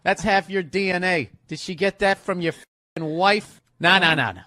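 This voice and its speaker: A man's voice: high-pitched, normal speed, sharp tone, dry recording, studio quality. Man in joking casual banter. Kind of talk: casual chat.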